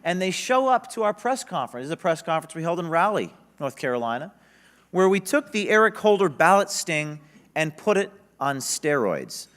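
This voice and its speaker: A man's voice: on the high side, big pitch swings, normal speed, fairly bright tone. Emphatic man giving a conference speech. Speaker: conference speaker. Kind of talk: public speech. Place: conference stage.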